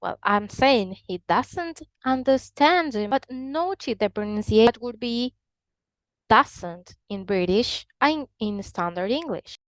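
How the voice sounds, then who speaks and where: A woman's voice: fairly high pitch, lively intonation, unhurried, hardly any pauses, no echo, poor audio. A woman explaining English accents in a lesson, with slightly non-standard phrasing. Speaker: English teacher.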